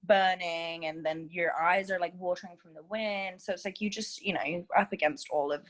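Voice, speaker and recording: A woman's voice: fairly low pitch, moderate pace. A young woman from England with an accent that mixes British and Los Angeles speech, chatting casually as an interview guest, full of "like" and "you know". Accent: mix of British and Los Angeles. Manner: chatty, many "like" and "you know" fillers, lively. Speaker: interview guest, reality show contestant. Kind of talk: casual chat.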